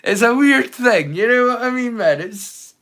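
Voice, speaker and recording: A man's voice: very high voice, lively intonation, unhurried, fairly bright tone. A Scottish man chatting casually with live viewers, teasing and swearing freely. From Scotland. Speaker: live streamer.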